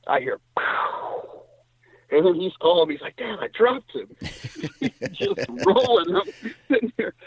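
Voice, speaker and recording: A middle-aged man from Indiana tells a hunting story in animated, rambling talk, his voice leaping high whenever he quotes someone. His tone is a little husky. He comes through dry and tinny, as if on a phone line. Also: no echo. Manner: animated storyteller, voice jumps high when quoting others. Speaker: guest hunter. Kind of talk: casual storytelling.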